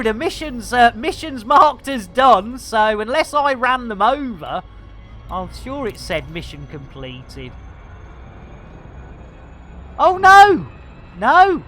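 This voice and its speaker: A woman streaming a space game, chatting excitedly to her guests, often laughing and exclaiming at her own mistakes. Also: fairly high pitch. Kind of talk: live gameplay commentary.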